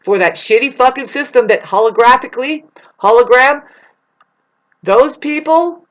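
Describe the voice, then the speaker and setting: A woman's voice: fairly high pitch, normal speed, low-quality recording. A woman delivering a rambling, profane spiritual monologue to her viewers. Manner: intense, profane, digressive. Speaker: spiritual vlogger.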